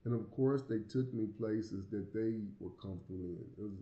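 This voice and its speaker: A man's voice: fairly low pitch, normal speed, roomy sound, dull audio. An American man with a Southern accent and a slight lisp, talking casually to the camera in a rambling way, often repeating words and chuckling. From United States. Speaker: vlogger living abroad.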